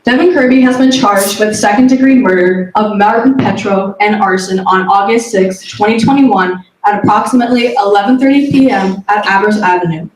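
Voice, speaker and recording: A woman's voice: medium pitch, moderate pace, few pauses. Teen girl reading a formal defense opening in an echoey classroom. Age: teens. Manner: formal, addressing the jury. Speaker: student defense attorney. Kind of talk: read-aloud opening statement.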